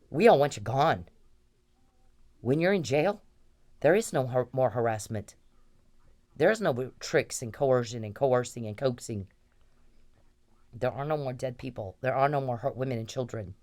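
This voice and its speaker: A woman's voice: rumbling low, lively intonation, normal speed, long pauses, a little mellow. Angry, profane woman ranting. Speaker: complainant. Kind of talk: angry personal monologue.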